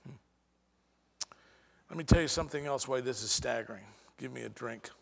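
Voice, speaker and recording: A man preaching a sermon as pastor, with dramatic pauses and sudden swings between soft and loud delivery. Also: mid-range voice, gravelly, big-room sound.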